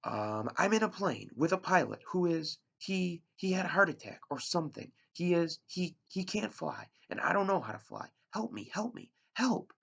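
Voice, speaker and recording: A frantic teenage boy shouting for help into a radio, his voice pushed high and loud, as a man reads him aloud. It has a gravelly, husky edge and comes through a dull, lo-fi recording. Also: big pitch swings, normal speed, exaggerated voice. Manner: screaming, desperate pleading. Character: panicked teenage boy stranded in a plane.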